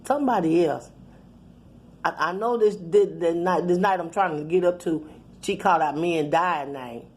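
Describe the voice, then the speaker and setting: A woman's voice: on the low side, normal speed. A middle-aged woman telling a rambling, profane, laughing story in casual chat. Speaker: channel host.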